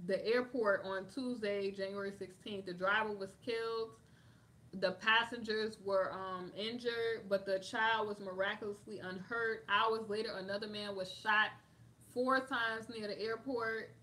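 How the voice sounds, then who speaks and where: Sassy, bright-voiced woman. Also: medium pitch. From United States. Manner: sassy, animated, reads an article and comments on it. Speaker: vlogger reacting to news. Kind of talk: casual commentary reading news aloud.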